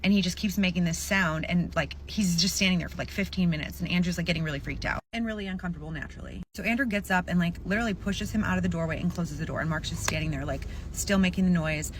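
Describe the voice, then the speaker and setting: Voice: medium pitch, fast talker, few pauses, a little hiss or hum. A storyteller recounting a reader's story in casual storytime narration, chatty and full of "like". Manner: chatty, peppered with "like".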